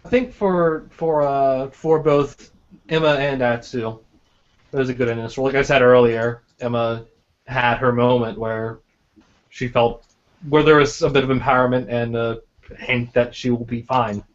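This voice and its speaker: A man's voice: mid-range voice, steady tone, a little slow. A man chatting casually on a podcast about a tabletop game, often stammering and repeating words. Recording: dull lo-fi sound.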